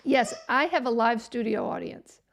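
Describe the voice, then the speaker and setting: Woman host, gravelly, sarcastic, muttering to herself on a live stream. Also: a little high, animated, moderate pace. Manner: sarcastic, exasperated, talks to herself. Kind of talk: casual live stream chat.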